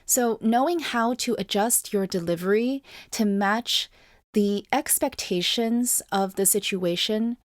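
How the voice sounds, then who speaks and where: A woman hosting a podcast, speaking in a measured, emphatic way as she reflects on past episodes. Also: medium pitch, no room sound, clean studio sound. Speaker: podcast host.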